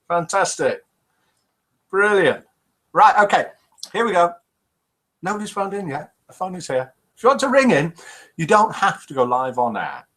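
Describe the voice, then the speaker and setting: An older man from the UK hosts a live interactive broadcast and reads viewers' messages with a joking, chatty manner. His voice is bright and slightly husky. Faint music plays behind him. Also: a little high, low-quality recording. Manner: chatty, jokey, reads chat messages aloud. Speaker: host of a live interactive show. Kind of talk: live-stream chat reading viewer comments.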